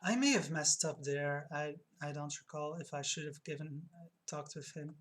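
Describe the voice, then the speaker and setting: A woman streaming a video game, reading its text aloud with soft muttered asides. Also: low voice, moderate pace, slight background noise.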